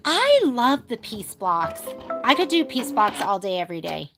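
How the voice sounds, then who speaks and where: A woman's voice: a little high, big pitch swings, moderate pace, over music. A young American woman teaching a casual live stitch-along, chatting with viewers as she works. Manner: chatty, talks to viewers while working. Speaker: sewing instructor.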